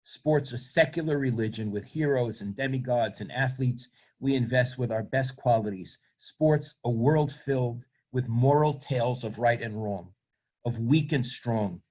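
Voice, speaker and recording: Speaking a little slowly in a mid-range, darkish voice, this Brooklyn author in his seventies reads a passage from his book. He then turns reflective and self-deprecating as he talks about himself.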